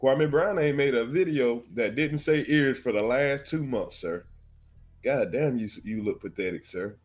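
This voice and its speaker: A man's voice: mid-range voice, unhurried. Mocking man with a lo-fi voice. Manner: taunting, laughs between jabs, addresses viewers as sir. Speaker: host of a reaction channel. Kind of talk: mocking live commentary.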